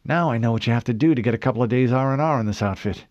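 A man voicing a wry, laconic female elite sniper with quick, dry humor. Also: medium pitch, darkish tone, no room sound, highs cut off, close to an everyday voice.

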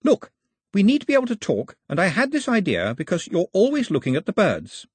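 A man voicing a prim, excitable, well-spoken young girl who speaks high and with emphasis. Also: breathy edge, no room sound, studio quality, full character voice. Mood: apologetic eager. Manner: high and emphatic, slow deliberate words when teaching.

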